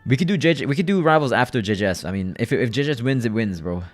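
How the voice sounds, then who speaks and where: A man's voice: mid-range voice, lively intonation, fast talker, faint music behind. A man hosting a livestream, chatting casually with viewers in loose slang and often repeating his phrases. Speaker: livestream host.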